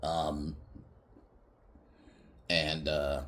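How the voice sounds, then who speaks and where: A man with a very low voice talks through a film's scenes in a loose, unscripted podcast recap. He wanders, swears casually and keeps breaking into laughter at the jokes he retells. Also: flat delivery, very slow, fairly bright tone. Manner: rambling, laughs often, swears freely, many fillers. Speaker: podcast movie reviewer.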